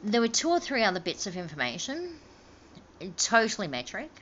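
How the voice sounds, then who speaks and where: A woman's voice: medium pitch, huge pitch swings, normal speed, fairly bright tone, lo-fi sound, slight background noise. A woman talking in a rambling monologue, filling her sentences with ums and likes and acting out both sides of past conversations. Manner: rambling, meandering with many fillers. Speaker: vlogger.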